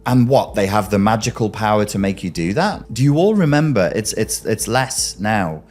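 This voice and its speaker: A man hosts a commentary and makes his case emphatically. His pitch rides up and down with lively swings as he presses rhetorical questions on the listener. Faint music plays behind him. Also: moderate pace. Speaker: commentary host. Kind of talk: argumentative commentary.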